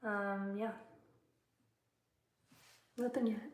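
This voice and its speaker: This young adult woman speaks extremely slowly in a mid-range, somewhat dark voice with little pitch movement. She's casually hosting a livestream on her phone during her bedtime routine at home, laughing often as she chats with viewers and answers their comments, and the room is echoey.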